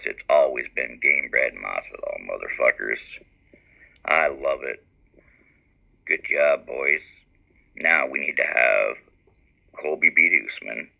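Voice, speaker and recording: A male caller with a very deep, gravelly voice and a hard, bright edge rants gleefully, swearing at every turn. His message comes through a dull, lo-fi call recording. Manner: loud, gleeful, heavy swearing.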